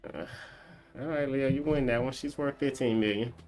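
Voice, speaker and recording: A man's voice: medium pitch, moderate pace, darkish tone, faint music behind. A man streaming a game, chatting casually and reading viewer comments aloud as he banters with them. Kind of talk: casual live-stream chat.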